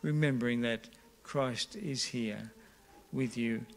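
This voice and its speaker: A male pastor leading communion and prayer, with slow, repetitive prayerful phrasing. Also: medium pitch, vocal fry.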